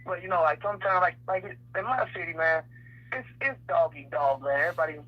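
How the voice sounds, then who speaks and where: A man calling in to a talk show, talking casually and fast, tripping over his words and restarting a lot. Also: high-pitched, slightly rough. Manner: rapid, stammering, restarts a lot. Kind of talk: casual chat. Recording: dull lo-fi line with noise.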